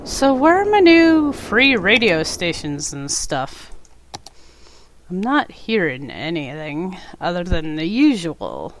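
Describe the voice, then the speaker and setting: Congested female game streamer, unhurried, lively pitch, casual rambling chat. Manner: rambling, talks to the game and a pet. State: congested, stuffy. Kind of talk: casual live-stream chat while playing.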